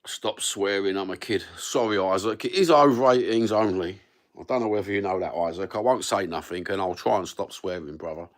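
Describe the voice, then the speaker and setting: A Cockney man from London in his fifties talks straight into his phone during a casual live stream, his voice fairly low and a little fast. He rambles and swears freely in easygoing, blokey banter.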